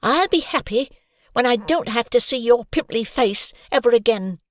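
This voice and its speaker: A woman voicing a brave tall schoolgirl who calls out in a forceful, raised voice. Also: high voice, wildly swooping pitch, very slow, dry recording, studio quality, voice pushed up, exaggerated voice. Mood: defiant.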